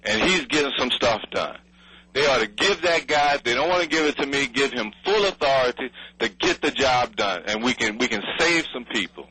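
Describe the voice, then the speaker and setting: Husky New man, angry and blunt, heard over radio audio. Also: medium pitch, animated, moderate pace, bright, forceful tone, poor audio. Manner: furious, blunt, swearing, pleading. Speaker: city official interviewed by radio.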